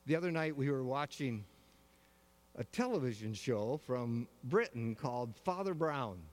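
A male pastor preaching a sermon, telling the story in a measured way with slow, weighty pauses. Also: mid-range voice, long reverb tail.

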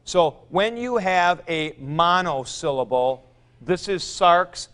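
Slow, smooth-voiced male Greek teacher. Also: high voice, a bit bright. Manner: patient, explanatory, demonstrative. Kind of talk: classroom lecture. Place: classroom.

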